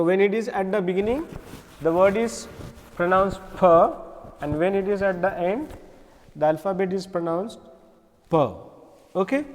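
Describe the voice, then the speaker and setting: A man's voice: high-pitched, darkish tone. Indian man lecturing in a reverberant room. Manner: explains slowly, repeats words, many fillers. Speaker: English teacher. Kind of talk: classroom lecture.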